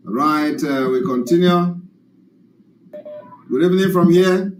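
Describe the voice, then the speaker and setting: Man, call-in host, slightly high voice, faint background hiss. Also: unhurried, low-quality recording. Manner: frequent filler sounds, affirming callers. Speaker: host taking calls. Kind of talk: casual call-in chat.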